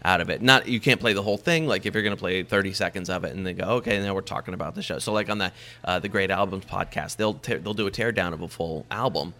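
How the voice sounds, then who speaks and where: A man's voice: deep voice, fast talker, hardly any pauses, sharp tone. A man, a podcast host, talking casually in an interview, rambling with many fillers and restarts and laughing easily. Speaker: podcast host, guest on another show.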